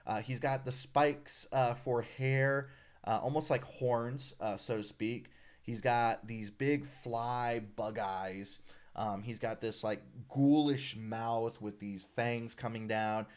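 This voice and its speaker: A man's voice: medium pitch, slow. A man hosting a casual live stream, chatting loosely with many fillers and reading viewer comments. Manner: relaxed, friendly, many "uh"s, reads viewer comments aloud. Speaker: live stream host, designer of a character art project.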